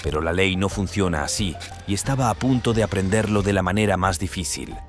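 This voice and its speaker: A man reading scripted true-crime narration in an even storytelling delivery. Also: low voice, quick pace. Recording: narration over loud music.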